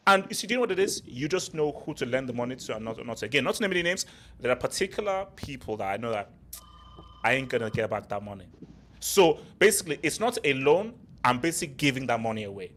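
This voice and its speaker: A young man hosting a casual football chat show, animated and ranting with jokes. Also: mid-range voice, fast. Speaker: football podcast host.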